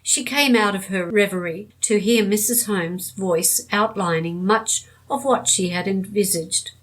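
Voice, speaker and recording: Woman narrating an audiobook, measured. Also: medium pitch, low-quality recording.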